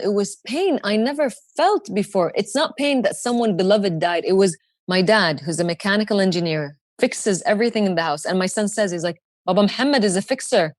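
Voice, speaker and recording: Animated woman telling a personal story. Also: medium pitch, no echo. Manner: animated, acts out quoted dialogue, swears freely. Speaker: podcast guest. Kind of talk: emotional personal storytelling in conversation.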